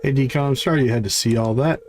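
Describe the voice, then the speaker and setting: A man's voice: mid-range voice, quick pace, darkish tone, faint music behind, natural voice. A man reading as a frail, despairing young villager. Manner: plain read-aloud of game dialogue.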